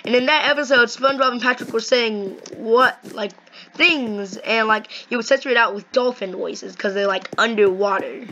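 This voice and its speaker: High-ish girl rambling away while she plays, excitable, noisy home mic. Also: normal speed, highs cut off. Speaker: gaming video host. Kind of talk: casual chat while playing.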